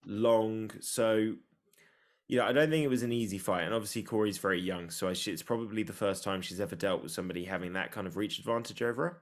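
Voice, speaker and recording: A man co-hosting a podcast, chatting casually and excitably about fights with a joking tone. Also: lowish voice, fast. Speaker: podcast co-host. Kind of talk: casual sports chat.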